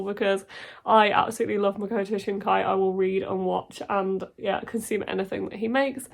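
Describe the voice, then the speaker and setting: A woman in her twenties with a stuffy, congested voice from a cold, chatting casually and excitedly about books she wants to read. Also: mid-range voice, moderate pace, creaky. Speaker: book YouTuber. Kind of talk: casual book chat to camera.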